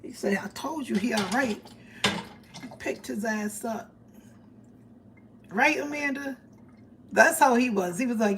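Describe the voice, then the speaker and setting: A woman with tells a story on her livestream in an animated, profane way. Her voice sits a little high, and she acts out each person she quotes. Faint background noise hums under her. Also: a little slow, pauses often, poor audio. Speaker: livestream host. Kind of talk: casual storytelling.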